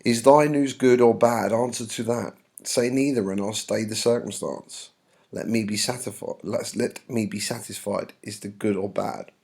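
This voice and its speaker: A man's voice: on the low side, steady tone, normal speed, vocal fry, a little mellow, slightly rough. A man reading the lines of an impatient young girl in love, pleading and insistent.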